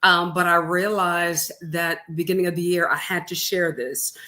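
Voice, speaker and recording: A woman with a fairly low voice, answering interview questions as the author. She speaks earnestly and reflectively, pausing with frequent ums. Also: steady tone, pushed and bright. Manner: earnest and reflective, many pauses and fillers. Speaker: author guest. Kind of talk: live interview conversation.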